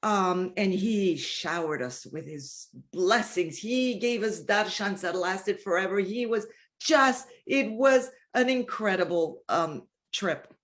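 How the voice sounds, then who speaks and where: An American woman shares a personal spiritual testimony, earnest and emotional, often restarting sentences and slipping into soft, hushed passages. Her voice is mid-range and she takes it slowly.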